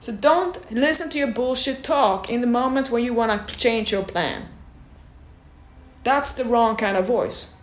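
A woman's voice: fairly high pitch, measured pace. Woman coach, blunt motivational talk, occasional swearing, roomy echo. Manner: blunt, candid, swears now and then. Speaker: fitness coach. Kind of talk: motivational monologue. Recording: echoey room.

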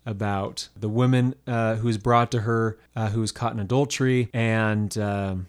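A man co-hosting a faith-based podcast, telling a scripture story in a relaxed, animated way and acting out the voices in it. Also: lowish voice, normal speed, hardly any pauses. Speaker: podcast co-host. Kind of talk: casual faith-based chat.

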